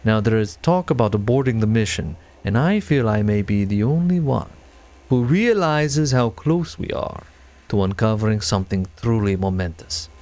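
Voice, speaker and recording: A man putting on an earnest male scientist from a game, reading a letter in a thick foreign accent. The voice sits low and measured, and the tone is wistful and solemn. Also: expressive, a little mellow, natural voice. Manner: solemn, with a put-on Eastern European accent.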